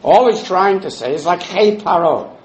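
A man teaching a Talmud class in a fairly high voice that rises and falls a lot. He works through the text step by step, quoting Hebrew and Aramaic phrases, and the room around him echoes. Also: lively intonation, normal speed, slight background noise.

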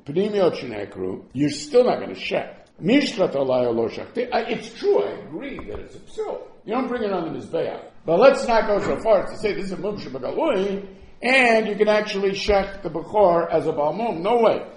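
A man's voice: sits high, a little mellow, echoey room. A man teaching a Talmud lesson, asking and answering questions back and forth as he explains.

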